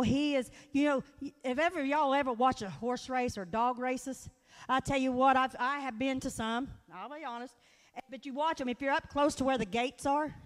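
Woman, folksy earnest sermon, high voice, reverberant church hall. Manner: folksy, earnest, storytelling with direct appeals. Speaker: guest speaker at church. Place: church sanctuary.

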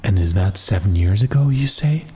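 A man's voice: lowish voice, expressive, normal speed, warm tone, a little hiss or hum, natural voice. A man voicing a bewildered, misshapen young dwarf who speaks in a pleading, earnest way.

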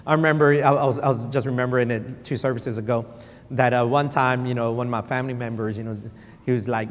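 A man in his forties, a pastor, preaching a sermon with animated storytelling and repetition for emphasis, slipping into Spanish. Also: medium pitch, fairly quick. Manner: animated storytelling, repeats for emphasis, code-switches. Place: church sanctuary. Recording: reverberant church hall.

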